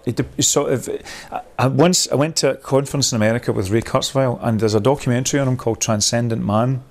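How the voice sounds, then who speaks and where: A man's voice: mid-range voice, fairly even intonation, fast talker. A man leading a workshop, thinking aloud in a rambling, discursive way, with many restarts, and laughing at his own points. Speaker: workshop leader.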